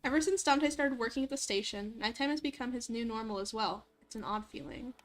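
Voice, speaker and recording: A woman's voice: a little high, brisk. A young woman streamer reading a visual novel aloud and rambling in a bubbly, giggly way between lines.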